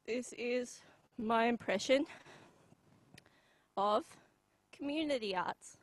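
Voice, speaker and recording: Young aussie woman doing a deadpan comedy bit, slow and halting, higher voice, dry close sound. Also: no room sound, rough recording. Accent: Australian. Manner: deadpan, halting with many pauses and ums. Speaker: comedy performer. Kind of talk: live comedy sketch.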